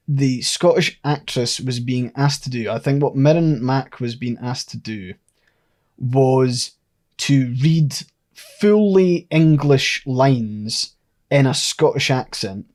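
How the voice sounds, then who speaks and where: A man's voice: mid-range voice, slow pace, darkish tone. A man co-hosting a podcast who thinks aloud and lays out his theories at length in a casual chat. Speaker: podcast co-host.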